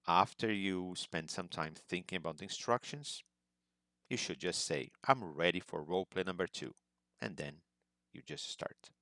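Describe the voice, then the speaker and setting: A man giving an instructional presentation as an English exam prep teacher, measured and explanatory, stressing key words. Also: sits low, expressive, creaky, fairly bright tone, no echo.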